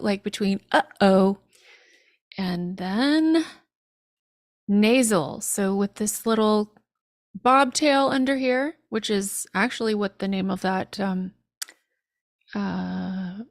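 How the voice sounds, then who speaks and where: A woman teaching an online language lesson, sounding out phrases slowly and carefully with light laughs between tries. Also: mid-range voice, no echo, studio quality. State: frog in her throat.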